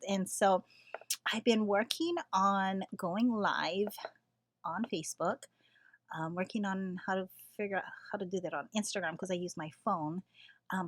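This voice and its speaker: A middle-aged woman chatting on a late-night live stream from her garage craft space, talking softly and often slipping into a whisper, with lots of fillers. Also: medium pitch, no echo. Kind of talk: casual live-stream chat.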